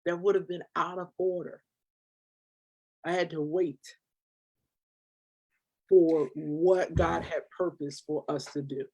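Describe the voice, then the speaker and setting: A woman's voice: lowish voice, slow, long pauses, poor audio. Woman telling a story with feeling. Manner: animated, emotional storytelling with quoted dialogue. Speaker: nonprofit founder. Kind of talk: personal storytelling in an interview.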